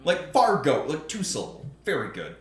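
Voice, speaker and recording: A man's voice: a little high, wildly swooping pitch, normal speed. A man hosting a casual podcast chat, rambling and swearing, with lots of restarts. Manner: rambling, profane, with many restarts. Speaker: podcast host. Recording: echoey room.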